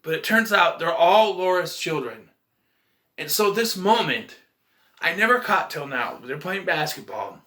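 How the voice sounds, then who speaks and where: A man's voice: high-pitched, expressive, a little slow, pushed and bright. A man casually reviewing a movie in a vlog, retelling scenes in a rambling, emotional way.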